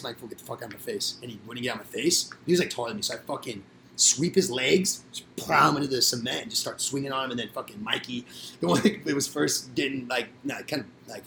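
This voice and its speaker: A man's voice: mid-range voice, creaky, sharp tone, a little hiss or hum. A young man telling rowdy, profane stories in a casual podcast chat, acting out what others said. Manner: rowdy, profane storytelling with acted-out quotes. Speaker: podcast guest storyteller.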